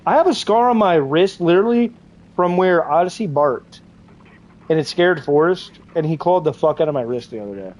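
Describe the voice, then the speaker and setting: Male streamer, 20s, higher-pitched, casual crude banter with chat. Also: lively intonation, a little fast, a little mellow, muffled recording. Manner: crude joking, laughs often. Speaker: game streamer. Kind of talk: casual livestream chat with viewers.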